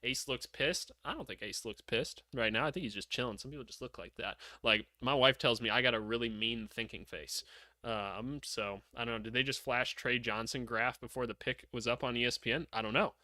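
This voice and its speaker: A young man hosting a casual live reaction stream, excitable and loose, swearing and laughing as he talks. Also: medium pitch, a little fast, dry recording. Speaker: livestream host.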